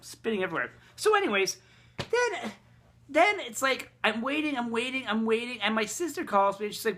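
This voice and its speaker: Guy ranting about his trip, bright sharp voice, swears a lot, rambles. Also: extremely high pitch, expressive, a little fast. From Quebec, Canada. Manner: rambling, profane, exasperated. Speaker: vlogger. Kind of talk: casual storytelling rant.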